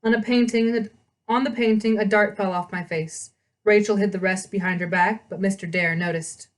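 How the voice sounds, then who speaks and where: A woman's voice: mid-range voice, steady tone, normal speed. Woman reading a novel aloud, chatty. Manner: chatty asides, self-corrections. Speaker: read-aloud host.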